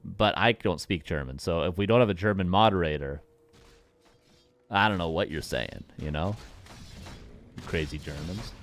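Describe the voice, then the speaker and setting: A man's voice: low-pitched, moderate pace, pauses often, slight background noise. A man casting game replays live, joking and chatting with his viewers as he goes. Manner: joking, playful, chats with viewers. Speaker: caster.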